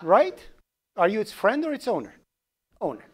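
A man with a Persian accent giving a programming lecture, animated and joking, asking the class questions as he goes. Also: sits high, moderate pace, breathy edge. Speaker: programming instructor.

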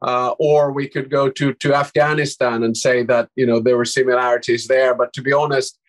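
A man in his fifties speaks English with a Finnish accent, his voice sitting at an ordinary middle pitch. He answers interview questions in a measured, explanatory way and often restarts a phrase mid-sentence. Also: little pitch movement, rough recording. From Finland. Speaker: guest, former prime minister.

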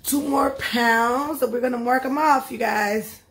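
A woman's voice: fairly high pitch, fairly even intonation, a little slow, echoey room, heavy background noise. Chatty woman vlogging to her phone. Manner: chatty, talks straight to viewers with lots of "y'all" and "you guys". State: tired after a workout. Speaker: vlogger documenting a fitness journey. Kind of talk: casual vlog chat to camera.

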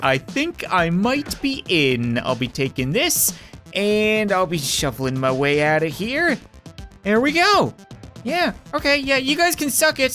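A man's voice: high-pitched, a bit bright. A man giving joking game commentary as a let's-play host, wisecracking and sarcastic as he talks back to the characters on screen.

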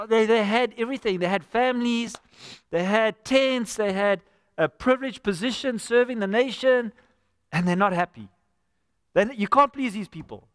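A man's voice: sits high, a bit bright, clean tone, clean studio sound. A man preaching a live sermon as pastor, earnest and conversational, often addressing listeners as friend. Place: church sanctuary. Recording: church hall with long reverb.

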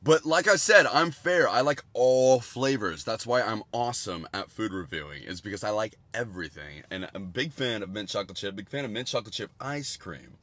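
A young man in his twenties casually reviewing candy on a livestream, rambling and crude with jokey bursts of excitement. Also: on the low side, brisk, few pauses.

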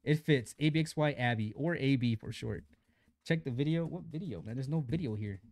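A young man talking easygoing and slangy as he streams a mobile shooter, greeting viewers and reading chat out loud. His voice sits at an ordinary middle pitch. The sound is close and dry, with no room echo. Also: brisk, vocal fry. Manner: laid-back slang, reads chat aloud and greets viewers. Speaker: mobile game live streamer. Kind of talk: casual live-stream chat while gaming.

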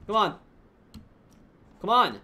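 A woman streamer giving casual gameplay commentary, laughing, swearing and reacting loudly. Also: medium pitch, very animated, takes it slowly, a little hiss or hum.

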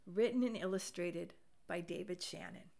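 A woman reading a children's picture book aloud, animated and expressive. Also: on the low side, moderate pace, gravelly. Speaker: storybook reader.

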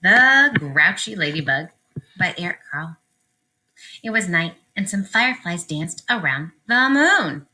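Slow sing-song preschool teacher woman. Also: on the low side, poor audio. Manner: slow, sing-song, animated for little kids. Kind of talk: children's circle time and story read-aloud.

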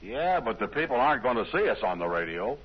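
An actor playing an easygoing young performer and sidekick in a 1950s radio drama. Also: male voice, medium pitch, big pitch swings, quick pace, breathy edge. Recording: dull old radio broadcast with faint hiss.

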